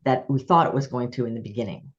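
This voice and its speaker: A woman's voice: a bass voice, fast talker, highs cut off. A woman hosting a podcast interview, chatting and telling personal stories with frequent laughter. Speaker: podcast host. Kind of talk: conversational interview.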